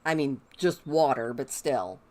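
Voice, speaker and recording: A woman's voice: rumbling low, lively intonation, unhurried, mellow. A woman streaming a life-sim game, chatting as she plays and talking to her characters. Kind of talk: live gameplay commentary.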